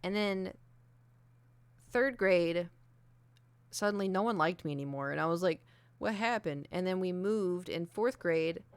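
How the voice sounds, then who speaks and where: Young woman streamer, lowish smooth voice, candid rambling chat, dry close sound. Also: moderate pace, no room sound. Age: young adult. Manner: candid, self-deprecating, many fillers. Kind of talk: casual chat. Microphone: desk mic with ring light.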